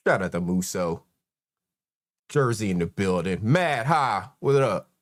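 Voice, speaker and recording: A man's voice: on the low side, lively intonation, unhurried. A man, hosting a casual live stream and greeting chat members one by one in a laid-back way. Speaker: host.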